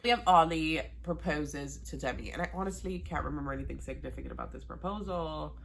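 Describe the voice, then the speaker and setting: Sassy, gravelly-voiced woman reviewer. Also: low voice, quick pace, a little hiss or hum. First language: Spanish. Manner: blunt, profane and sassy. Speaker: TV show reviewer. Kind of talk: casual recap vlog.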